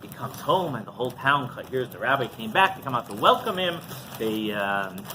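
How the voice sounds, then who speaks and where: A rabbi telling a story in a class, with quick asides and questions to a live audience. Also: male voice, medium pitch, sing-song, noisy background.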